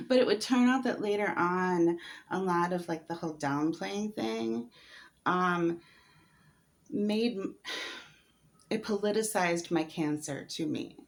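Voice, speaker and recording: A woman's voice: fairly low pitch, measured pace, vocal fry, pauses often. A woman telling her own story in a vlog, hesitant and candid, with many fillers and some laughs. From United States. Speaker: vlogger.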